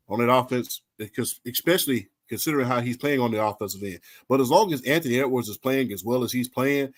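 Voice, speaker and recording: A man's voice: mid-range voice, no room sound. A man talks basketball with his friends in a loose, easygoing way. He laughs often and stretches words out for emphasis. His voice sits close and dry on the mic. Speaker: podcast co-host. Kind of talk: casual sports chat.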